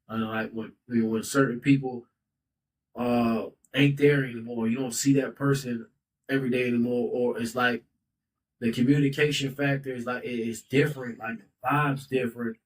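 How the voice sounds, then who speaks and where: A man in his thirties hosting a casual podcast, speaking in a loose, heartfelt way. He stays at a mid pitch and keeps dropping in "bro" and "like." His voice sits a little back from the microphone. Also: far from the mic, rough recording. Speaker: podcast host. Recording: voice a bit off-mic.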